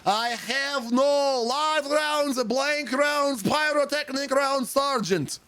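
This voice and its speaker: A man's voice: very high-pitched, takes it slowly, pushed and bright, voice pushed up, exaggerated voice. A man voicing a flustered young male army private who recites his lines stiffly and garbles them. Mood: drilled.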